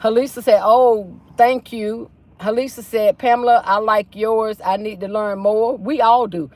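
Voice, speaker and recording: A woman's voice: fairly high pitch, fairly even intonation, a little slow, a little mellow, no room sound. A chatty woman hosts a livestream from her car. She reads viewer comments aloud in a folksy, easygoing way. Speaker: livestream host. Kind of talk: casual livestream chat reading comments. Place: inside a car.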